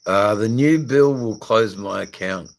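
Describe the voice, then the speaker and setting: Slow, rambling Australian man. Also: fairly low pitch, creaky, low-quality recording. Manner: rambling, crude and jokey, many fillers. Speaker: livestream host. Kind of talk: casual livestream chat reading viewer comments.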